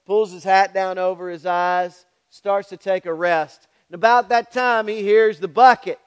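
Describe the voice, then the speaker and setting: A man's voice: sits high, fairly even intonation, measured pace, clear, resonant tone. A man preaching a sermon, telling Bible stories and checking in with the congregation with frequent asides. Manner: storytelling with frequent "all right?" asides to the congregation; acts out voices in his stories. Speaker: pastor.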